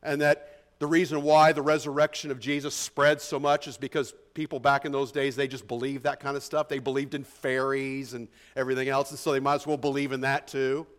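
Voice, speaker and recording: A pastor preaching an expository sermon in a conversational, emphatic way, often asking the congregation rhetorical questions. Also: male voice, medium pitch, level tone, brisk.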